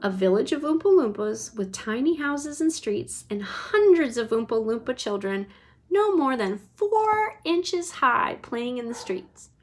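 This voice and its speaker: A woman reading a children's chapter book aloud to her child, lively and expressive. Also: on the high side, measured pace. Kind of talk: bedtime read-aloud.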